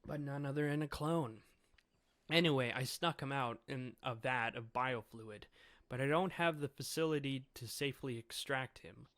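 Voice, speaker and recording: A man's voice: medium pitch, normal speed, fairly bright tone, no echo, close to an everyday voice. A man voicing a brilliant woman scientist who explains her plans matter-of-factly, as he reads out a comic. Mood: explaining. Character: brilliant female scientist, brisk and scheming.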